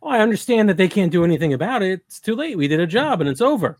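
A tabletop game player speaking in a deadpan, playfully contrary way. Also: medium pitch, very fast, no echo, clean studio sound.

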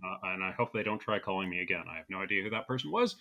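Guy with a bright sharp voice, wry and blunt on a podcast. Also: low voice, rapid-fire, creaky, lo-fi sound. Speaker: podcast co-host. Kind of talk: casual chat reviewing a comedy show. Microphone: remote call recording.

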